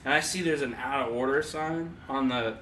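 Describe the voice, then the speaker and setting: A man's voice: medium pitch, moderate pace, a crowd in the background. Laughing young man telling a story, echoey. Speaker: podcast co-host. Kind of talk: casual storytelling. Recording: echoey room, far mic, background noise.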